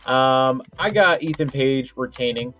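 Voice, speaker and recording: A man's voice: mid-range voice, unhurried, fairly bright tone. A man co-hosting a podcast, chatting casually with lots of restarts and filler. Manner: rambling, full of restarts and "like". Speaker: podcast co-host. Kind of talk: casual wrestling predictions chat.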